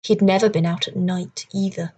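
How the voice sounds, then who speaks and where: A woman's voice: mid-range voice, steady tone, a little fast, darkish tone, breathy edge, lo-fi sound. Woman reading a children's adventure story. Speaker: audiobook reader. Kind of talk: storybook narration.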